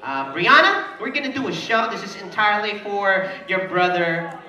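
A man with a high, animated voice and a sharp tone speaks at normal speed, working as a party entertainer who teases a child volunteer with playful banter and laughs often. It's party emcee talk with the audience, inside an indoor party venue. The recording comes from an echoey hall with a distant mic and a crowd audible.

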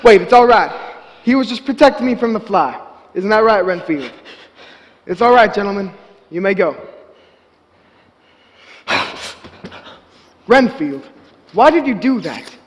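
An actor playing a proper, curious male asylum doctor on a theatre stage, speaking in a formal, measured way. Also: sits high, lively intonation, slight background noise. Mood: firm. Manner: formal, measured, clipped diction. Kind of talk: live stage acting. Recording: stage voice with long theatre reverb.

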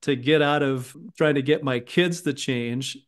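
A man's voice: mid-range voice, steady tone, measured pace. A man hosting a podcast, asking and summing up in a thoughtful, casual way. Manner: thoughtful, questioning. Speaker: podcast host.

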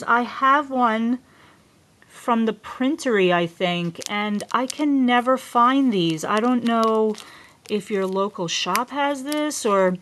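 A woman's voice: a little high, lively intonation, slow, fairly bright tone, a little hiss or hum. A woman vlogger chatting casually to the camera at home, gushing and effusive and often trailing off mid-sentence. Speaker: craft vlogger unboxing gifts.

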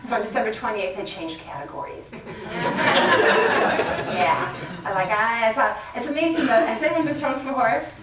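A woman's voice: fairly high pitch, moderate pace. Middle-aged lady giving a talk, laughs a lot, chatty, mic kinda far off, echoey room w faint hiss. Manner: chatty, laughs often, plays with the crowd. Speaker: guest speaker. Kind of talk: leadership talk to an audience. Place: lecture room with audience. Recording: roomy sound from a distant mic, faint background noise.

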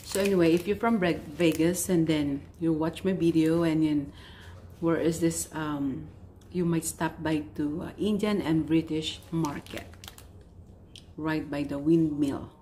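A woman vlogger chatting casually while she tastes snacks, unhurried and talking between bites. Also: low-pitched, fairly even intonation, dark tone, a little hiss or hum. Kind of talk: casual food-tasting vlog.

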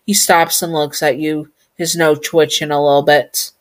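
A woman's voice: low voice, little pitch movement, normal speed, few pauses. A chatty woman reading a fan story aloud, casual and playful, often talking to herself. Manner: chatty, giggly, talks to herself.

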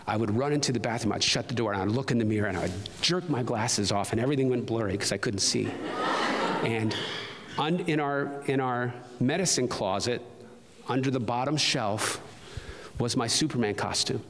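A male pastor gives a testimony sermon in a church sanctuary, his voice sitting at an ordinary middle pitch. He tells his story earnestly and builds to fervent emphasis on key lines. The sound carries a long hall reverb. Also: moderate pace, crowd noise.

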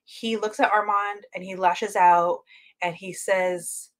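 A woman hosts her own review channel, talking through a TV episode in a loose, rambling way. She fills her sentences with "um" and "like" and keeps correcting herself. Her voice sits at an ordinary middle pitch. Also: fairly even intonation, takes it slowly. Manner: chatty, rambling with many fillers and self-corrections. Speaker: book and TV review channel host. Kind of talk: casual review chat.

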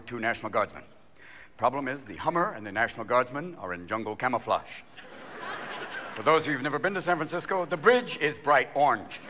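A man performing live stand-up comedy on a theater stage, manic and rapid, often jumping into character voices and shouts. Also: mid-range voice. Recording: live theater recording with crowd noise. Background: audience laughter.

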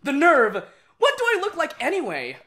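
A woman hosting a let's-play, reacting excitedly and squealing while she plays and chats. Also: high voice, moderate pace. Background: game music.

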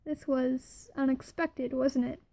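A calm, sly young man speaks quietly and evenly, as a woman reads his lines. The voice sits high and flat, with a mellow, dark tone. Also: slow pace.

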